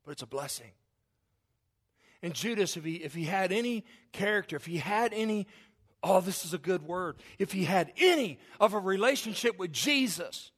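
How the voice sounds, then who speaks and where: A male pastor delivering a sermon with a high, bright-sounding voice. He preaches emphatically, repeating phrases as he builds intensity, then drops low and quiet. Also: expressive, moderate pace, slightly rough. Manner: emphatic, repetitive preaching with rising and falling intensity.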